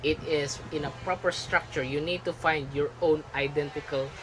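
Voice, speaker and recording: A man's voice: a little high, fairly even intonation, moderate pace. A man bluntly critiquing a parent's video in a casual family chat, lecturing in a matter-of-fact way. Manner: blunt, lecturing, imitates accents. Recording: noisy outdoor street ambience.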